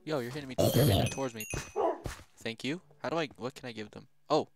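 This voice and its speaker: A young man giving casual, slangy gameplay commentary, excitable and often shouting at the game. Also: mid-range voice, fast, noisy background. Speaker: gaming youtuber. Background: loud background music.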